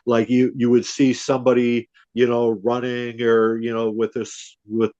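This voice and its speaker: A man's voice: medium pitch, monotone, unhurried, dark tone, dry recording. A middle-aged man hosting a podcast, telling a story from memory in a rambling, casual way with fillers and restarts. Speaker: podcast host. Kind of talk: casual chat. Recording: dull lo-fi podcast audio.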